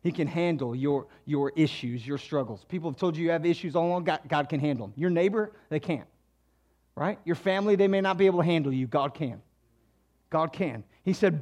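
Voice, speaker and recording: A man preaching a sermon in a church, swinging between quiet asides and loud, emphatic passages. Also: a little high, brisk. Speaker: pastor.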